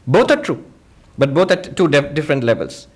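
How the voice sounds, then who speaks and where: A monk teaching a spiritual discourse, patiently explaining ideas through everyday examples and quoted dialogue. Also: male voice, on the high side, big pitch swings, fairly quick. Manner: acts out quoted speakers in dialogue.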